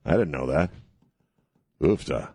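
A man's voice: a bass voice, expressive, a little slow, darkish tone, slightly rough, dry recording. A man hosting a call-in radio show from a studio, blunt and joking, laughing often. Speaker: radio talk show host. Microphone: studio mic.

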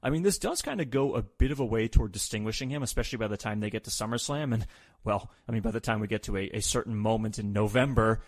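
A man's voice: fairly low pitch, quick pace, no room sound. A man hosting a podcast, recapping in a casual, jokey way and quoting people in voices. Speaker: podcast host.

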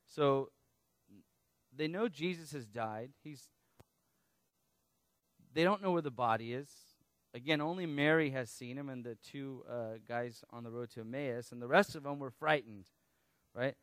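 A man preaching a sermon, teaching through a Bible passage in a conversational, animated way with casual asides. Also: medium pitch, measured pace, long pauses, dry recording. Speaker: pastor.

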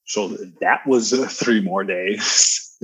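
A man with a baritone voice chatting as a podcast guest, slangy and laid-back, laughing often. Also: slow, fairly bright tone, slightly rough, dry recording, rough recording. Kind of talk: casual conversational storytelling.

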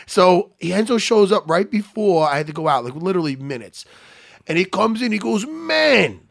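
A man hosting a podcast, telling fight stories in an animated, profane way, laughing often. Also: high-pitched, brisk, gravelly, no echo, studio quality. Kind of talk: casual storytelling chat.

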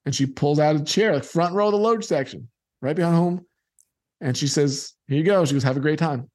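A man's voice: fairly high pitch, fairly quick, darkish tone. A middle-aged man telling a personal childhood story and acting out the people in it.

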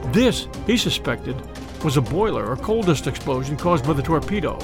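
A man narrating a second-person historical audio story in an expressive storytelling manner. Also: a little high, normal speed, over music.

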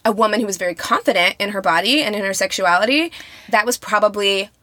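A woman's voice: medium pitch, fast talker, pushed and bright, dry recording. A woman hosting a podcast in casual chat, speaking conversationally with frequent um and you know. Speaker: podcast host.

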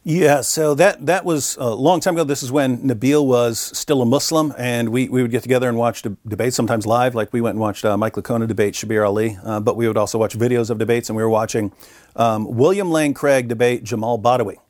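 Animated middle-aged man telling a story. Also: medium pitch, a little fast, no echo, studio quality. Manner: animated, acts out quoted voices. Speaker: interview guest. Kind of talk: conversational storytelling.

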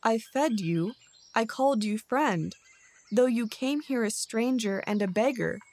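Soft-spoken father badger begging for his children, slow and gentle, read by a woman narrator. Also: a little high, slight background noise, close to an everyday voice. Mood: quiet. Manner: gentle, pleading. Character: kind, wronged male father badger.

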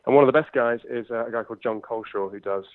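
A man in his twenties from England, speaking with a London accent and a medium-pitched voice, is an impressionist and comedian in a conversational interview. He talks quickly and chattily, packing in lots of fillers. The recording is dry and tinny, like a phone line, with no echo.

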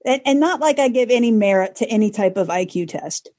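Woman co-host, halting and chatty. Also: a little high, lively intonation, warm tone, no echo, clean studio sound. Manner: hesitant, many fillers and restarts. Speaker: podcast co-host. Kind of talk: casual chat.

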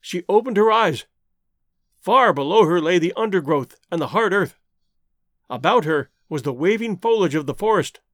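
A man narrating an adventure novel as an audiobook, with dramatic, expressive storytelling. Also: high voice, moderate pace, no room sound, studio quality.

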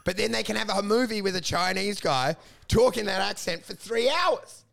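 A man's voice: sits high, moderate pace, creaky, slight background noise. A man in his thirties, a comedian ranting and joking in casual podcast chat. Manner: animated, ranting, joking, puts on mock voices.

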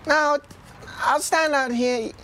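A prim young princess with a fake British accent, her voice pitched very high and sweetly courteous. She keeps calling people sir in a comedy sketch. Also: fairly even intonation, takes it slowly, pushed and bright, exaggerated voice. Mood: prim, polite. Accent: put-on British. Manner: overly polite, calls everyone sir.

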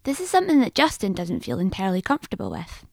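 Lively, gravelly woman narrating documentary. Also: mid-range voice, no room sound. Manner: measured, informative. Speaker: documentary host. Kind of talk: scripted narration.

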